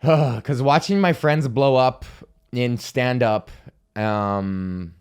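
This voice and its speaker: Smooth-voiced man ranting on his podcast. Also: mid-range voice, extremely slow. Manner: profane, self-deprecating, rambling. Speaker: podcast host. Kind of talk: solo comedy podcast rant.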